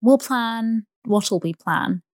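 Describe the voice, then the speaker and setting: A woman's voice: fairly high pitch, takes it slowly, no room sound, clean studio sound, voice pushed up. A woman voicing a gushing young socialite.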